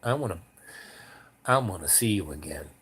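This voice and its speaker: An older man voicing a tough woman who leads a biker gang, with a gravelly, commanding tone, quoted in his own storytelling. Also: low voice, animated, normal speed, a bit bright, voice pushed down, heavily acted. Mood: low, commanding.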